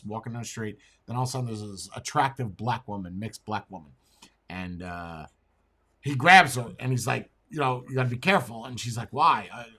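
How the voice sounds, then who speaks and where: A man's voice: mid-range voice, a bit bright, husky. A man co-hosting a casual talk show, blunt in his opinions, who repeats words and stammers as he tells a long story.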